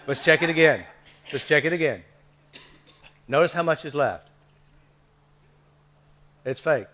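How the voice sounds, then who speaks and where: A man's voice: fairly high pitch, background noise. A man leading a live workshop, coaxing the group with short repeated prompts and checks. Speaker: workshop leader.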